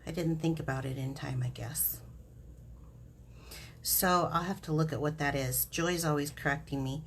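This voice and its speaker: A woman with a deep, low voice talks through a craft project live, chatty and giggly as she explains each step. Faint background noise sits under her voice in a home craft room. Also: normal speed, creaky. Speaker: craft demonstrator host. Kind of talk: live stamping demonstration.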